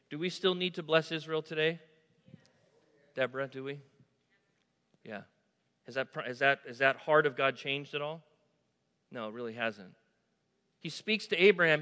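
Man, pastor preaching, call-and-response, bright forceful tone, long hall reverb. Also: on the high side. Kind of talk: sermon. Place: church sanctuary.

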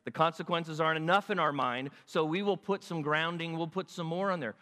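A man preaching a sermon in an animated way, acting out God's words and asking his listeners questions. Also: fairly high pitch, fairly quick, big-room sound. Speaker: pastor.

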